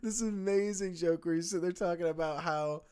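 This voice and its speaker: A man co-hosting a casual podcast, talking in an animated, profane, storytelling way. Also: sits high, normal speed, clear, resonant tone. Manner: animated, swearing, prone to impressions. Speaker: podcast co-host. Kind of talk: casual chat.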